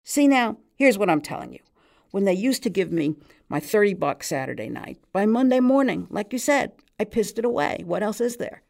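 A woman's voice: mid-range voice, very animated, normal speed, gravelly, darkish tone, pitched above the performer's own voice. A woman reading aloud, voicing an eager New York barman who talks in folksy working-class slang with a New York accent. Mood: earnest. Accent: New York, put on. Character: chatty New York male barman, hopeful.

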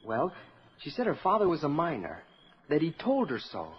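A man's voice: fairly high pitch, huge pitch swings, moderate pace, slightly rough, exaggerated voice. An actor playing a polite, earnest teenage boy in a 1940s radio drama. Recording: dull old radio broadcast.

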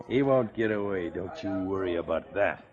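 A man's voice: sits low, lively intonation, unhurried, a little mellow. An actor playing a scheming male outlaw who threatens a man with blackmail, in a 1950s radio drama. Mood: menacing. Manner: smooth, threatening, coolly scheming. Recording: muffled old radio recording.

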